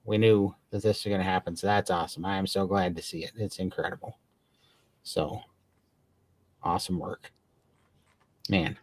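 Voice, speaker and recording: A man's voice: low voice, steady tone, moderate pace, long pauses. A man co-hosting a casual livestream chat, talking with eager, grateful enthusiasm and rambling restarts. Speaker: podcast co-host.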